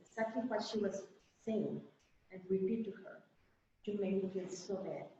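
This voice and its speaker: A woman sharing haltingly with a support group, searching for words. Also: medium pitch, warm tone, slight background noise. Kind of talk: personal sharing. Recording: distant, very echoey, dull lo-fi.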